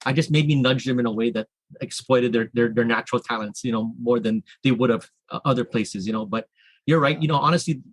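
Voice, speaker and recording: Easygoing Hawaiian promoter, mid-pitched. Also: male voice, no echo. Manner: easygoing, humble, quick bursts of talk. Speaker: podcast guest, event promoter. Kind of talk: casual podcast chat.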